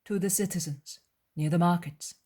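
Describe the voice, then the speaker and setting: A woman voicing a calm, wise male teacher. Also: on the low side, lightly acted. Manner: measured, gentle, earnest. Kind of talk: dramatized audiobook reading.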